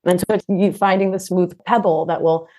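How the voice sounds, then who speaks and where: A woman guest on a podcast, an animated explainer who keeps checking in with "right?". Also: fairly low pitch, moderate pace. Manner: animated, expressive explainer, often asks "right?". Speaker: podcast guest, nurse practitioner and coach. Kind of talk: conversational interview.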